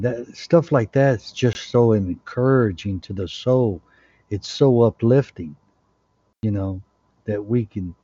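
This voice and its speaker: Man, fervent, low pitch, dark tone, dry sound. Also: dry recording. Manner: fervent, excitable, earnest. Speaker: call participant. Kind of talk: testimony and prayer on a group call. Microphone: online group call. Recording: dull lo-fi call audio.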